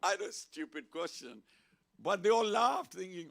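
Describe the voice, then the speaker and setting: A man gives a casual sermon in a temple hall, with a gravelly edge to his voice. He keeps it playful and lively and draws the listeners into call-and-response chanting. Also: high voice, normal speed, slight background noise. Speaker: temple speaker. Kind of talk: informal sermon to a congregation.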